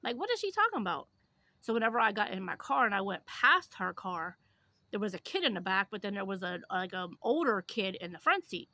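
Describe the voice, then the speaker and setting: Woman vlogger, chatty storytelling to camera, crisp bright tone, mid pitch. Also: fairly quick, no echo. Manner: chatty, animated retelling with lots of fillers. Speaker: YouTuber.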